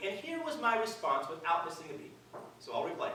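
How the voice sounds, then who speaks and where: A man's voice: very high-pitched, sing-song, a little fast, background noise. A middle-aged man giving a public speech at a live event, conversational and earnest with dry self-mocking humor. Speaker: event speaker. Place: large hall at a live event. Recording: very echoey hall, distant mic.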